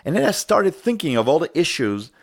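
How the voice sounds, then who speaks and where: A man's voice: a little high, sing-song, fairly quick, breathy edge. A middle-aged man hosting a show, giving an emphatic political commentary monologue with indignant rhetorical questions. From Northern California. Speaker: show host.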